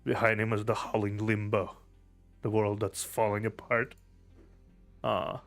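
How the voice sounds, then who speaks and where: Lower-voiced male streamer reading game text. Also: level tone, unhurried, gravelly, fairly bright tone, faint music behind. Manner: reads story text aloud, laughs and swears easily. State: teary-eyed.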